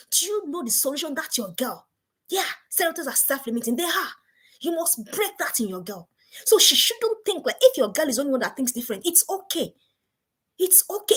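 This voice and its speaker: A woman's voice: high voice, big pitch swings, brisk, fairly bright tone. A middle-aged woman giving an emphatic motivational talk to parents, repeating rhetorical questions. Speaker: parenting speaker.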